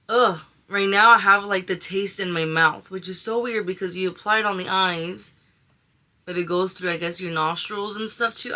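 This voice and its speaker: In a sharp-toned, medium-pitched voice, a young woman casually chats through a makeup tutorial. This beauty vlogger gushes over colors and sprinkles in slang such as "she is giving."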